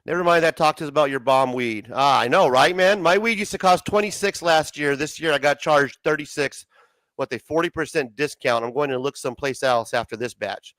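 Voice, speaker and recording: A man's voice: fairly high pitch, brisk, fairly bright tone, no room sound. A man hosting a casual late-night livestream, swearing a lot and laughing often. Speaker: livestream host.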